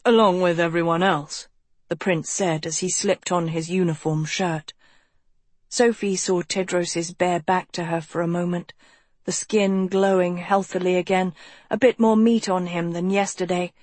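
A woman with a lowish voice narrates an audiobook in a measured, even storytelling manner. There is no room sound in the recording.

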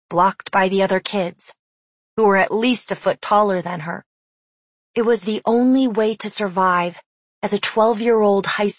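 A woman narrating an audiobook in a measured, hushed, deliberate way on a close studio mic. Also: medium pitch, dry recording.

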